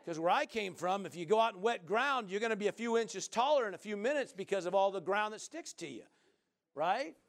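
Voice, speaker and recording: A man preaching a sermon in a folksy, joking way, often asking the listeners "right?" and swinging from loud to soft. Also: high voice, expressive, a little fast.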